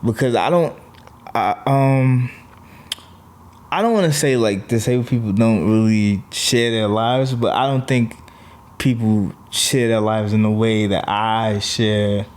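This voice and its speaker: A man's voice: lowish voice, unhurried, a little mellow. Blunt New York comedian man, casual. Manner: blunt, laughs while telling stories. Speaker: comedian guest. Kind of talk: casual chat.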